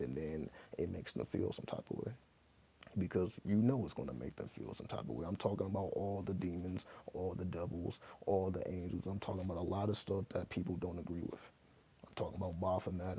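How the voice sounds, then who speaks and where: Deep gravelly man, profane and emphatic. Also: dark tone. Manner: profane, emphatic, spells out words letter by letter. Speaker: host answering viewer questions. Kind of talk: casual monologue to camera.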